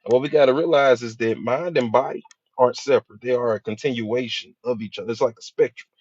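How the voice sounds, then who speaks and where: A man's voice: mid-range voice, fast, a little mellow, slightly rough, no echo. A man, a hypnotherapist, giving a motivational speech with emphatic repetition, rhetorical questions and casual slang. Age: adult with a school-age child. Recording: dull dry lo-fi recording.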